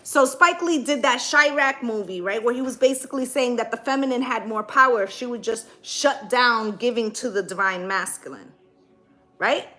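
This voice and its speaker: A woman's voice: a little high, normal speed, bright, forceful tone. A woman giving a casual tarot reading, blunt and profane, who keeps checking in with "right?" and "okay?". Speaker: tarot reader.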